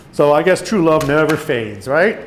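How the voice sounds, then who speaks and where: A man's voice: fairly high pitch, noisy background. A man in his sixties, an author reading his memoir stories aloud to an audience in a meeting room, bringing the quoted lines to life as he goes. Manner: storytelling with animated quoted voices. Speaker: author giving a presentation.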